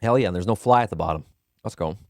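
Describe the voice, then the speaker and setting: A man's voice: deep voice, fast talker, no room sound. A man around thirty, chatting offhand and joking with his viewers while streaming a speedrun. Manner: joking, offhand, answers chat between game moments. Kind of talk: casual live-stream chat. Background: game music.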